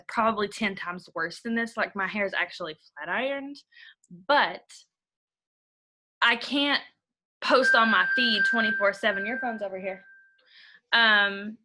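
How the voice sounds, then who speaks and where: A woman's voice: mid-range voice, pushed and bright. A young woman, giving a rambling, blunt motivational training talk to her team. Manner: rambling, blunt, uses y'all.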